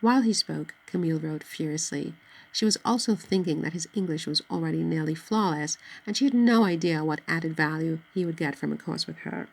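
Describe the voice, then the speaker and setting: Low gravelly woman narrating a novel. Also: fairly quick, darkish tone, low-quality recording. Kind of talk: scripted audiobook narration.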